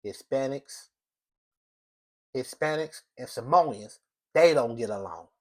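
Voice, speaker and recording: A man's voice: medium pitch, lively intonation, takes it slowly, a little mellow. A man from the United States hosting his own show, giving an emphatic, repetitive monologue full of restarts. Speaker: show host. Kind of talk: opinionated solo monologue.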